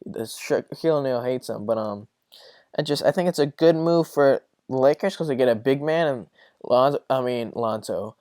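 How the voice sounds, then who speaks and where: A man's voice: medium pitch, normal speed, mellow, dry recording, studio quality. A young man hosting a casual solo sports podcast, rambling and swearing as he rants. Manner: rambling, profane, exasperated. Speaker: podcast host.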